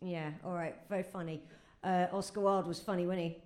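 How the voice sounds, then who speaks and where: A woman's voice: on the low side, steady tone, a little fast, background noise. A woman in her late thirties doing brash, crude improvised comedy on stage. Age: 30s. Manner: brash, crude, laughing banter. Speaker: comedy panelist. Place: stage before a live audience.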